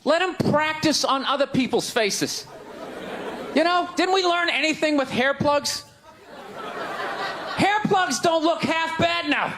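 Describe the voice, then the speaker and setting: A male stand-up comic rants at a crowd, his voice pitched very high as he fires off incredulous questions. He often shouts his punchlines. Crowd laughter and steady room noise fill the live recording. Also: slow pace, pauses often. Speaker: stand-up comedian. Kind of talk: stand-up routine.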